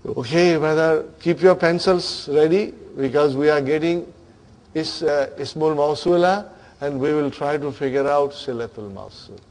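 High-voiced man teaching grammar. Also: moderate pace, darkish tone. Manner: questioning, checks in often with students. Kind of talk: classroom grammar lesson.

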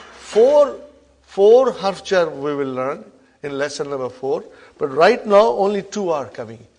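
Man, grammar teacher, slightly high voice, loud stress on key words then quiet drops, repetitive drilling. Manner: repetitive call-and-response drilling, frequent check-ins; emphatic, loud rises on key terms then soft drops. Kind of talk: classroom lesson.

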